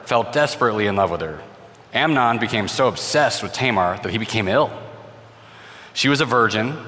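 A man retelling a Bible story with expression, speaking straight to his listeners and restarting words as he goes. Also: on the low side. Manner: expressive, voices the characters, repeats words when restarting. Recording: long hall reverb.

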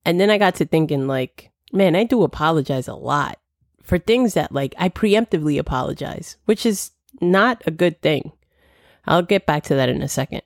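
A woman's voice: low voice, expressive, normal speed, no room sound, clean studio sound. A young woman hosting a solo podcast, chatting casually and acting out the dialogue of her stories. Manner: chatty storytelling, acts out quoted dialogue. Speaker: podcast host.

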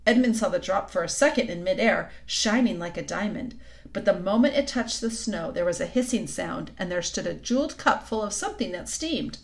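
A woman narrating a children's book aloud in a calm, even storytelling manner. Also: medium pitch, brisk.

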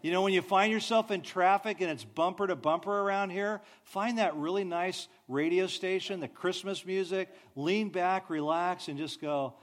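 A man preaching a sermon, telling stories with animated delivery and soft, drawn-out sighs. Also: high voice. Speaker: pastor.

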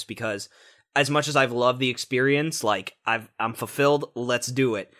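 Animated swearing young podcast host. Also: male voice, mid-range voice, normal speed. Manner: animated, swearing, many restarts. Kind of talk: casual chat.

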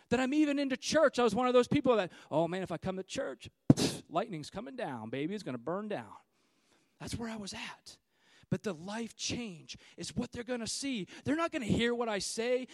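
A man in his thirties preaching a sermon, swinging between loud, fiery declarations and hushed, quiet stretches. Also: very high voice, dry recording. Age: 30s. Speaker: pastor.

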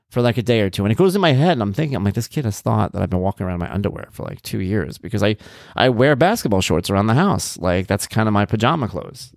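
A man's voice: dry recording, clean studio sound. A man in his thirties hosting a podcast, telling a casual story and acting out both sides of the conversation. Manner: animated, jumps to a high voice when quoting himself. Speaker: podcast host.

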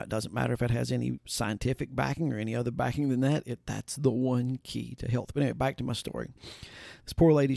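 Male podcast host, folksy storyteller, gravelly and mellow, close dry mic. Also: medium pitch, dry recording. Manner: folksy, conversational, with restarts and asides. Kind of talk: casual spoken storytelling and advice.

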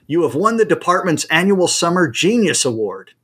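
A man's voice: fairly high pitch, sing-song, normal speed, fairly bright tone, slightly rough, pitched above the performer's own voice, heavily acted. A man voicing a jovial old professor. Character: jovial old male European art professor.

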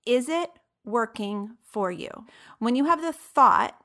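A woman hosting a casual solo podcast as a coach, talking in an animated, playful way and acting out inner voices. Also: fairly high pitch, slow pace. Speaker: ADHD coach and podcast host.

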